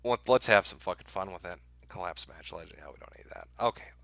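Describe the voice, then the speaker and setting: A middle-aged man hosting a live stream, his voice bright and forceful. He talks to his chat in a crude, mocking, deadpan way. The sound is dry and close on a desk mic. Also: deep voice, fairly quick, creaky, no echo. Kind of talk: sardonic live-stream commentary.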